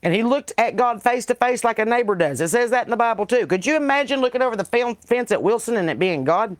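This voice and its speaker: A woman's voice: on the high side, animated, moderate pace, no room sound. A Southern woman hosting a casual livestream podcast, reading viewer comments in a blunt, profane, folksy preaching way on a porch, into a computer mic. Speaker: podcast host.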